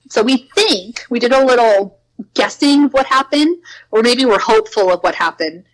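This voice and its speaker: A young woman shares spooky preschool-job stories in casual, animated fashion at a normal speed, filling her speech with "like" and raising her voice to act out quotes. The audio quality is poor.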